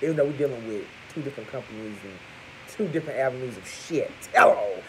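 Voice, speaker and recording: A man giving crude, profane gossip commentary to his viewers, talking to them as "y'all" and punctuating points with loud exclamations. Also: mid-range voice, fast, noisy background. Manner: animated, crude, keeps calling out "Hello!". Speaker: vlogger.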